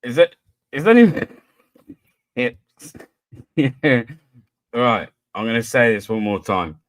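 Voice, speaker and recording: A British man hosting a casual livestream quiz, who laughs often, swears freely and reads riddles out slowly. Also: mid-range voice, animated, no room sound. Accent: British English.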